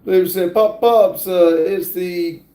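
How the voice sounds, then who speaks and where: A man hosting a casual livestream, reading viewer comments aloud in a halting drawl from a garage workshop. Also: high voice, steady tone, dark tone, reverberant, poor audio. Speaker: livestream host reading chat.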